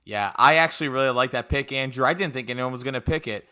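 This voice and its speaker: A man's voice: medium pitch, fast, pushed and bright, smooth. A man co-hosting a casual sports podcast, joking around and laughing easily as he trades playful trash talk. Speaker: podcast co-host.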